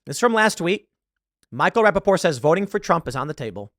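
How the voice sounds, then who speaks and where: A man hosting political commentary, talking in an opinionated, animated way with a lively, swinging intonation. His voice sits a little high for a man. The sound is close and dry, with no room echo. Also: quick pace. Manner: animated, opinionated, self-correcting. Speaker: host.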